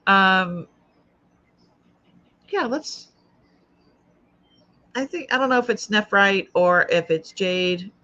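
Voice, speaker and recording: A medium-pitched woman speaks slowly with long pauses, her voice pushed and bright, in a muffled recording. With an old Boston accent, she runs a live jewelry sale and casually talks through each piece as she looks it over.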